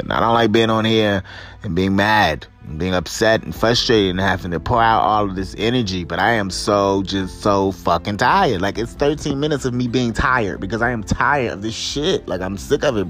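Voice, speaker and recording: A man's voice: lowish voice, animated, normal speed, fairly bright tone, faint music behind. A young man hosting a podcast, ranting in an angry, exasperated and profane way. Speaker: podcast host. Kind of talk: angry commentary rant.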